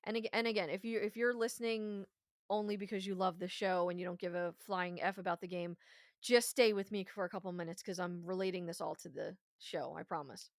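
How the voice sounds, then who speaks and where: A woman's voice: lowish voice, fairly even intonation, a little fast, no room sound. A woman co-hosting a podcast, talking with passion and plenty of emphasis as she reviews an episode. She swears freely as she makes her points. The sound is close and dry, with almost no room around her. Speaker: podcast co-host. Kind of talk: casual review chat.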